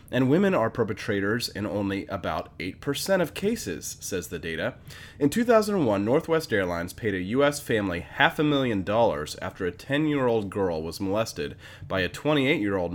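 Indignant male podcast host. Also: lowish voice. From United States. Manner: animated, indignant, argumentative. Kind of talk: political podcast commentary.

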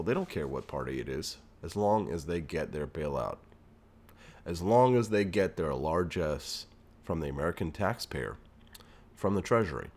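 A man hosting a political podcast, ranting in a fired-up way and reading news aloud with his own asides. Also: deep voice. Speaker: podcast host. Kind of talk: political commentary monologue.

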